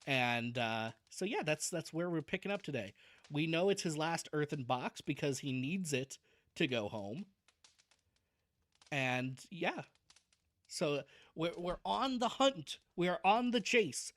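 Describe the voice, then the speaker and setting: A man's voice: fairly high pitch, dry recording. A man chatting casually on a livestream before reading a novel aloud. He is self-deprecating and restarts his sentences often.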